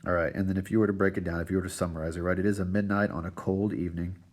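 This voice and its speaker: A man with a low, slightly husky voice walks his students through a recorded lesson. He lectures steadily and keeps tagging his points with "right?" and "all right." The tone is that of a teacher explaining material step by step. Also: flat delivery, racing. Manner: checks in with a constant "right?" and "all right".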